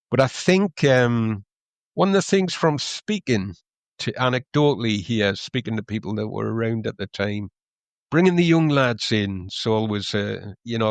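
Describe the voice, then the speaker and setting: A man's voice: mid-range voice, dry recording. A middle-aged man, chatting on a podcast, rambling with lots of ums and restarts. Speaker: podcast co-host, club historian. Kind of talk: casual podcast chat.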